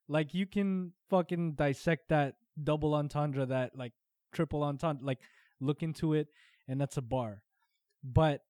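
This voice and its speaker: A young man co-hosting a podcast, slangy and quick to laugh in casual chat. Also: fairly high pitch, no echo, clean studio sound. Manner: laughs often, animated, slangy. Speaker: podcast co-host.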